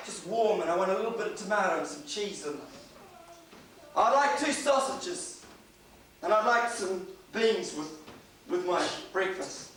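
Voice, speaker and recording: A preacher doing a bossy, demanding husband. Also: male voice, sits high, a bit bright, a little hiss or hum, pitched above the performer's own voice. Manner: bossy, fussy. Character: demanding grumpy husband ordering breakfast. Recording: echoey church hall, distant mic.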